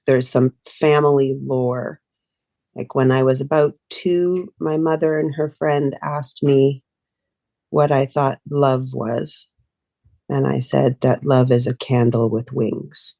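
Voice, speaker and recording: A woman guest, a writer and performer, telling animated stories in casual conversation and laughing often. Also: a bass voice, takes it slowly, creaky, no echo.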